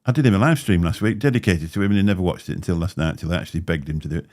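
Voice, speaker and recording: Man, very low pitch, slight lisp, rambling chatty host. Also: lively intonation, rapid-fire, darkish tone. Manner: rambling, chatty, laughs often. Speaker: livestream host. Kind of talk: casual chat. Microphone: desk microphone.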